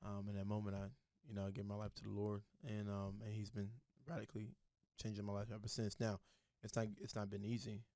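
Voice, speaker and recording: A man's voice: fairly low pitch, completely flat delivery, quick pace, warm tone, no echo, clean studio sound. A young man, a podcast guest, telling his faith story in a casual, earnest way and acting out the voices of the people in it.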